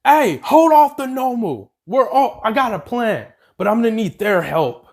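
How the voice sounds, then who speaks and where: A man's voice: very high voice, very animated, moderate pace, darkish tone, pitched above the performer's own voice, heavily acted. A man voicing an impatient, bossy young heroine in a homemade fan story, snapping orders.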